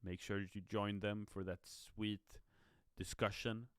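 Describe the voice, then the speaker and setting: A man's voice: lowish voice, little pitch movement, slow, a bit bright, clean tone, no room sound, clean studio sound. A tired, yawning man chatting upbeat on a live stream as a game community manager, reading viewer comments aloud. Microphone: streaming mic.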